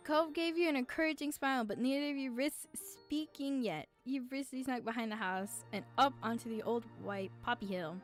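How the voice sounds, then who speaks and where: High-voiced young woman streamer. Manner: emotional, teary reactions, casual swearing. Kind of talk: reading a romance game aloud while playing.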